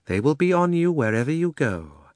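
A cold, imperious witch queen hands out orders with slow, scornful menace, as a man puts her on. The voice is lowish and recorded dry and close, a storybook reading. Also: sing-song, a bit bright, dry recording, exaggerated voice. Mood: commanding. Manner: commanding, scornful, slow and deliberate.

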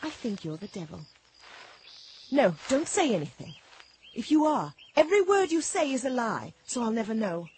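An actress playing a proud, blunt wife who speaks sharply and accusingly. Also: female voice, mid-range voice, big pitch swings, moderate pace, a little mellow, a little hiss or hum, natural voice. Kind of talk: radio drama acting.

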